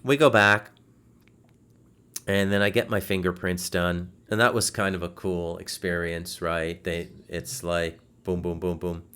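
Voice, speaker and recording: Animated man telling a story on a podcast. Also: low-pitched, measured pace, clean tone. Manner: animated, swears freely, frequent restarts. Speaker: podcast host. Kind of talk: casual storytelling. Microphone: video call setup.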